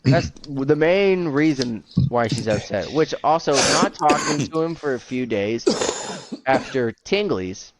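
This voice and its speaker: A man's voice: mid-range voice, lively intonation, unhurried, slight background noise. A young man co-hosting a podcast with his father, chatting casually and chiming in with joking, profane quips. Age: young adult. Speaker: podcast co-host, son.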